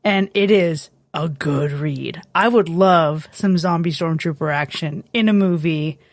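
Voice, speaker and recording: A woman's voice: deep voice, unhurried, no echo. A woman co-hosting a podcast, chatting casually and candidly, swearing now and then. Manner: candid, swears casually, animated when excited. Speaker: podcast co-host. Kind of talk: casual chat.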